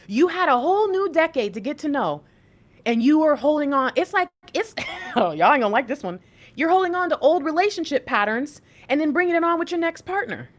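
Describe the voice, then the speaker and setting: A woman in her thirties with a fairly high voice, hosting a spiritual reading livestream. She talks to her chat in an animated, preaching style. Her tone is lively and direct. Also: brisk. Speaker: intuitive reader and livestream host.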